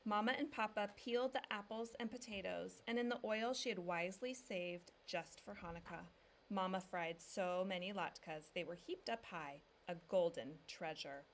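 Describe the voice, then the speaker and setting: A woman teacher calmly reading a picture book aloud to young children, dropping low and soft on the "he said" tags. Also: normal speed, slight background noise.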